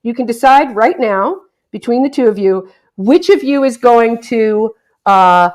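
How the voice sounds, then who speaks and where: A woman's voice: fairly high pitch, measured pace. A woman hosting a casual podcast chat with friends, playful and bossy, often laughing. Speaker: podcast host.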